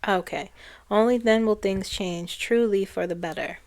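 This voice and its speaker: A woman psychic reader speaking earnestly to her viewers as she relays channeled messages, often pausing to restart and repeat phrases. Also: mid-range voice, a little mellow.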